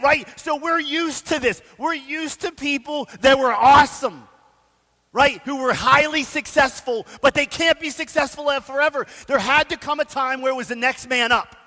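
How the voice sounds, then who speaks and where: A man preaching a sermon, telling the story in a casual, animated way with slang. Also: very high voice, moderate pace, in a large hall. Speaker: pastor. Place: church sanctuary.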